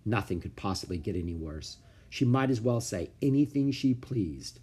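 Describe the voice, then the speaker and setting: A man reading a children's book aloud with expressive storytelling. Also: lowish voice, moderate pace, husky. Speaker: narrator.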